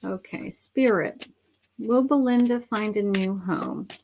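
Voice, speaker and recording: A middle-aged woman hosting a live psychic reading, speaking softly with many fillers and restarts, affectionate and a little hoarse as she says she is losing her voice. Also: medium pitch, slow, slight background noise. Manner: soft-spoken, meandering, with many fillers and restarts; affectionate, calls viewers honey and sweetheart. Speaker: psychic medium livestream host.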